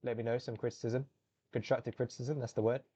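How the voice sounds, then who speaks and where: Young man, solo game caster, mid-pitched, excitable, spikes on big plays. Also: fast, husky, lo-fi sound. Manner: excitable, jumps to loud high exclamations on big plays; chatty and self-correcting between plays. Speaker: esports caster. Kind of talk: solo live game commentary.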